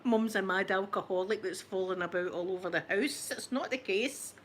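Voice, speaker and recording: A woman's voice: medium pitch, normal speed, slight background noise. A Scottish woman in her forties chatting casually with viewers, self-mocking and laughing often as she tells stories. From Scotland. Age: 40s. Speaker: ASMR channel host chatting with viewers. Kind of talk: casual chat.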